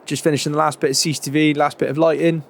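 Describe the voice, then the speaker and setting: A man's voice: fairly high pitch, level tone, very fast, vocal fry. A middle-aged man chatting casually as a farmer character in a roleplay game, with a lot of fillers and plenty of "mate" and "proper chuffed".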